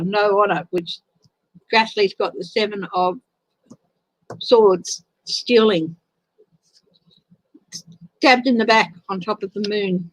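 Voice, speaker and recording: Brief: woman tarot reader, chatty and emotional, unhurried delivery, dry close sound. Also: mid-range voice, dry recording, low-quality recording. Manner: chatty, emotional, reads out viewer comments. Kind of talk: casual live tarot reading.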